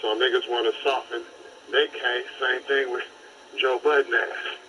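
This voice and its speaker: A breathless man calls in to a live show and talks bluntly in street slang, rambling as he goes. His voice sounds bright and tense. Faint noise sits on the line. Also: medium pitch, flat delivery, normal speed, poor audio. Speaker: caller.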